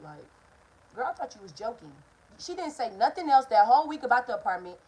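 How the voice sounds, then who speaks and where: A young woman talks straight to her viewers in a casual storytime vlog. Her voice sits a little high and slightly husky. She is candid and heated, and she swears freely. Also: big pitch swings, a little fast, a little mellow, poor audio. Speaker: vlogger. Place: hot apartment room, indoors.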